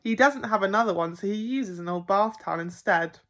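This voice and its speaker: A woman reading a picture book aloud to children as a primary school teacher, expressive and playful. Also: medium pitch, brisk. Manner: expressive, with gasps and playful emphasis.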